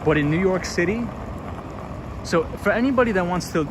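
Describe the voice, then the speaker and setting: Chatty man livestreaming on loud night streets. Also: high-pitched, animated, moderate pace. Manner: chatty, upbeat, reads comments aloud and answers them. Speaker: livestream vlogger. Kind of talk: casual livestream chat, reading viewer comments aloud. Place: outdoors on city streets at night. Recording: street noise behind a loud outdoor stream. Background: loud traffic and city ambience.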